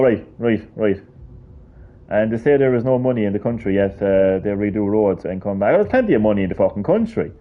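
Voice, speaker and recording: A man's voice: on the low side, narrow, tinny audio. An Irish man streaming a game, ranting casually and heatedly with lots of swearing. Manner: profane, heated, rambling. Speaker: gaming streamer.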